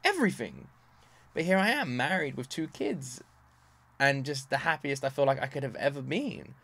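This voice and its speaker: A man in his thirties giving casual reaction commentary, gushing and effusive, often repeating himself and swearing casually, with bursts of loud excitement. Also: medium pitch, no room sound. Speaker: music reaction YouTuber.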